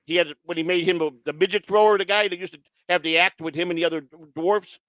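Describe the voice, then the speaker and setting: A man's voice: sits high, steady tone, fast, a bit bright, no echo. A man hosting a casual chat, rambling and swearing, with lots of restarts. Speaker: show host.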